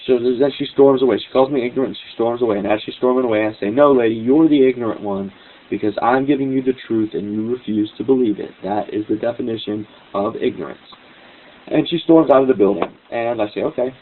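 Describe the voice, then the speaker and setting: Lower-voiced man on a tinny line. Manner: animated, indignant storytelling. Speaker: host. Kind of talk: storytelling monologue on a talk show. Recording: tinny phone line with faint hiss.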